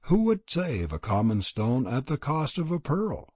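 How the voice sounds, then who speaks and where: A man reading a storybook, voicing a resigned young serpent prince in an earnest, solemn way with a husky voice. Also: medium pitch, big pitch swings, unhurried, darkish tone, dry recording.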